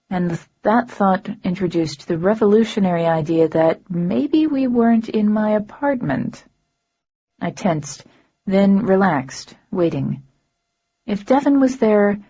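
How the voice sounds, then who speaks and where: A woman's voice: mid-range voice, dark tone, slightly rough, lo-fi sound. A woman narrating a fantasy audiobook in the first person, with a dry, sardonic delivery.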